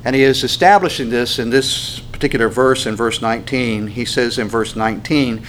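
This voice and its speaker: A man's voice: mid-range voice, fairly quick, few pauses, a bit bright, slight background noise. A man preaching a sermon as a pastor, in a conversational storytelling manner with many fillers.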